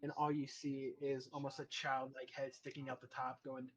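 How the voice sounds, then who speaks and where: A man's voice: medium pitch, flat delivery, moderate pace, low-quality recording. A man narrating a tabletop game as game master, loose and casual with many fillers.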